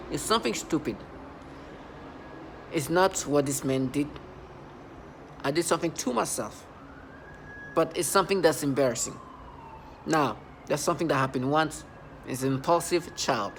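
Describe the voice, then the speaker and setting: A man's voice: a little high, normal speed, pauses often, a little hiss or hum. A man talking to camera in an agitated, rambling monologue, often repeating and restarting himself. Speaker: channel host.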